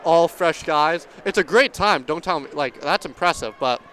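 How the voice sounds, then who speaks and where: A man's voice: on the high side, normal speed. Chatty man calling a track race. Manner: chatty, excitable, banters and argues playfully. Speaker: meet commentator. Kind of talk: casual live race commentary.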